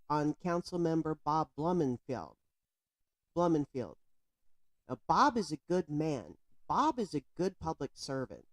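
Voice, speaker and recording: A woman's voice: deep voice, animated, unhurried, no room sound. A woman giving indignant, emphatic commentary on a news story, speaking straight to the viewer. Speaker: political commentator.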